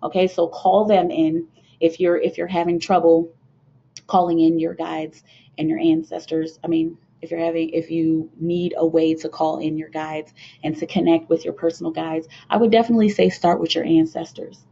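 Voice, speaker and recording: A woman's voice: low voice, level tone, normal speed, gravelly, mellow, slightly rough. A young woman from the United States giving a casual spiritual talk to her viewers, earnest and rambling, with many fillers and restarts. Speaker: spiritual card reader hosting a channel. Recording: dull lo-fi home video sound.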